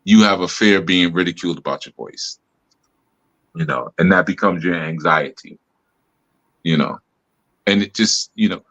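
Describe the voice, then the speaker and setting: A man with a deep bass voice, teaching in a relaxed, reflective way with many "you know" asides, on a live stream. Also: moderate pace, long pauses, highs cut off. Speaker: spiritual teacher and host. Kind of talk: casual teaching talk. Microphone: live stream mic.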